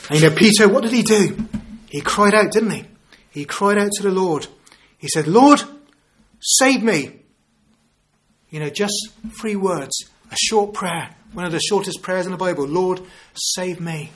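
A man's voice: sits high, normal speed, few pauses, a bit bright. A man in his fifties preaching an evangelistic sermon, earnest and full of rhetorical tag questions like "don't we?". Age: 50s.

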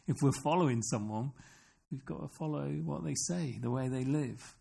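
Gravelly-voiced man preaching a sermon. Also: mid-range voice, moderate pace, dark tone. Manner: earnest, asks the congregation questions.

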